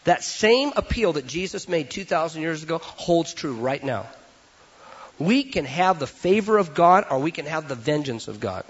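A male pastor preaching with a high, husky voice that swings up and down with energy. He acts out quick comic voices to make his point. The recording is dull and lo-fi. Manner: animated preaching that acts out little voices for laughs. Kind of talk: sermon.

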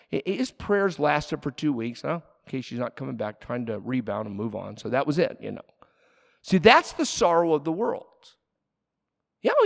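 A man preaching a sermon as a pastor, animated, swinging between loud emphasis and quiet asides. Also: a little high, creaky. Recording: long hall reverb.

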